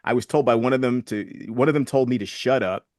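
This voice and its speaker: A man's voice: mid-range voice, fast talker, darkish tone, dry recording, studio quality. A man in his sixties, a guest in an interview, telling stories earnestly and reflectively and retelling past conversations. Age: 60s.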